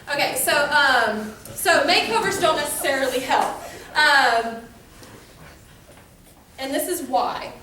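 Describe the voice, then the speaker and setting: A young woman speaks to a youth group in a casual devotional talk, rambling through stories with plenty of fillers. Her voice is high and bright. She is picked up from far off in a strongly echoing room. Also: expressive, a little slow, slight background noise. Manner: chatty, filler-heavy storytelling.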